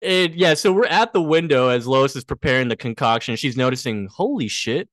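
Podcast co-host, man, mid pitch, dry close sound, loose storyteller who slips into characters. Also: a little fast, hardly any pauses, dry recording. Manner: animated retelling, acts out characters' lines. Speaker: podcast co-host recapping a TV episode. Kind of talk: casual chat.

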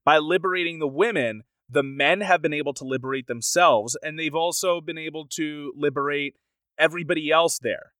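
Animated man on a dry mic. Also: fairly high pitch, moderate pace, no room sound. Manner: animated, quotes crowds in raised voices, gets emotional. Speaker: podcast co-host. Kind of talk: casual film discussion podcast.

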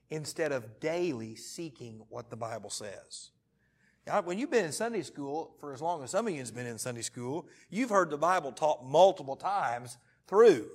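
Preacher in his 30s, slightly high voice, lively, jokey storytelling with loud bursts. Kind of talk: sermon. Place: church meeting room.

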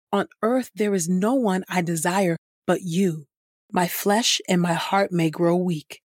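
A woman reading scripture aloud in a measured, even manner. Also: fairly low pitch, breathy edge, no echo, studio quality. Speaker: scripture reader.

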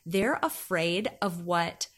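A woman hosts a podcast in a casual, enthusiastic way. She agrees readily and works out her thoughts as she speaks. Her voice sits on the low side. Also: animated, takes it slowly, fairly bright tone. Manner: enthusiastic, agreeable, thinks aloud. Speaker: podcast host.

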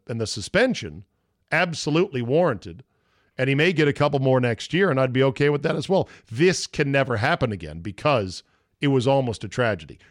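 A man's voice: medium pitch, no room sound, clean studio sound. A man hosting a solo sports podcast, blunt and profane, mocking the takes he quotes. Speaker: podcast host. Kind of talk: opinionated solo sports talk.

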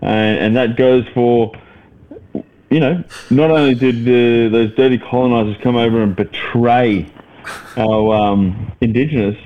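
A man's voice: medium pitch, steady tone, unhurried, phone-quality sound. A man co-hosting a podcast, rambling with lots of fillers and swearing as he ribs his mates. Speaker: podcast co-host. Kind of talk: casual banter.

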